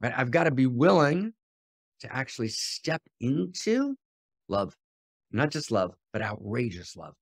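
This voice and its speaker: A man hosting a spiritual teaching podcast, speaking passionately and shifting between loud exhortation and quiet, intimate asides, often repeating phrases for emphasis. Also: mid-range voice, big pitch swings, a little slow, husky, no room sound, clean studio sound. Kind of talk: impassioned teaching talk.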